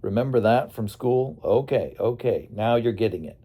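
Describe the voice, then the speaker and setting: A man's voice: on the low side, expressive, moderate pace, warm tone, pitched above the performer's own voice. A man voicing a cheerful male tour leader who gives instructions in a joking, teacherly way. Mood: instructing.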